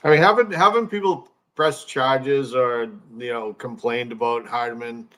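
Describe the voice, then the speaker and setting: A man hosts a relaxed podcast chat in an average-pitched voice. He agrees often and asks meandering questions. He speaks casually, without polish. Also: unhurried.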